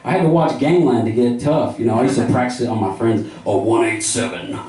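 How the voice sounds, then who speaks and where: A man's voice: medium pitch, fast, warm tone. A man doing a loose stand-up set full of swearing and put-on voices. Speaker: stand-up comic. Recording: echoey club from a distance with crowd.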